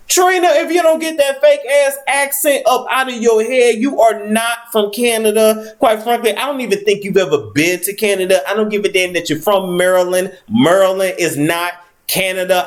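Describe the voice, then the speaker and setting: Animated, profane man scolding celebrities. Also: fairly high pitch. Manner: profane, scolding, as if lecturing in an office. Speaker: vlogger. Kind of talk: comedic celebrity commentary.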